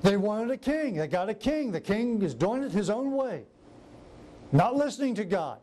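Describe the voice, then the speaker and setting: A man's voice: high-pitched, moderate pace. A man preaching a sermon who acts out scripture scenes in different voices. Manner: animated, acts out biblical quotes in varied voices.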